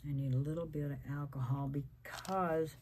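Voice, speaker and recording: A woman hosting a painting tutorial who is losing her voice, chatting to viewers in a hoarse, half-whispered way as she works. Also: low-pitched, steady tone, normal speed, darkish tone, slight background noise. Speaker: craft video host.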